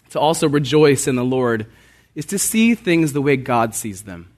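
A man pastor preaching a sermon in an earnest, emphatic way, repeating phrases and rising in pitch for emphasis. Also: lively intonation, normal speed.

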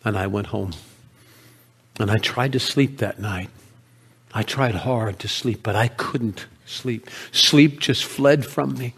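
This earnest, exaggerated performance has an actor taking the part of a grieving yet proud shepherd from ancient Bethlehem, narrating in first person with feeling and many hushed moments. His medium-pitched voice carries a breathy edge, and he takes it slowly.

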